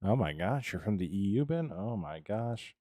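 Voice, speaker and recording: Deep, mellow American man chatting on stream. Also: sing-song, moderate pace, no room sound, clean studio sound. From United States. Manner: rambling and chatty, answers chat by name. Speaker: live streamer. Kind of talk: casual live-stream chat while building in a game.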